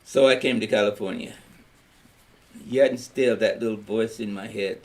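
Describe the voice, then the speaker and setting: A man's voice: fairly low pitch, steady tone, moderate pace, a little mellow. Older man from Louisiana telling his story. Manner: rambling, plain-spoken storyteller acting out quotes. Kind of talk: storytelling in a family history recording.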